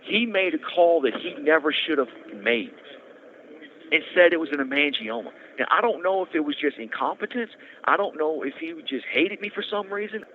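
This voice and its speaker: A man's voice: on the high side, lively intonation, normal speed. A man tells his story in an earnest, conversational way, repeating himself and restarting sentences, on a prison phone. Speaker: podcast host telling his story. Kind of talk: casual storytelling. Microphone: prison phone handset. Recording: tinny phone line with faint noise.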